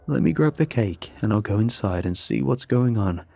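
A man doing a calm, soothing father. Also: fairly low pitch, normal speed, creaky, breathy edge, soft background music, full character voice. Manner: soothing, cautious. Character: calm, cautious middle-aged father.

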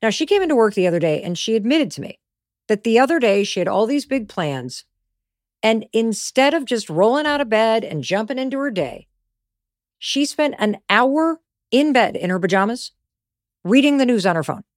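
A woman hosting her own podcast, telling a story in an emphatic, animated motivational way. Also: on the high side, moderate pace, dry recording, clean studio sound. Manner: emphatic, animated storytelling with stressed key words. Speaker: podcast host.

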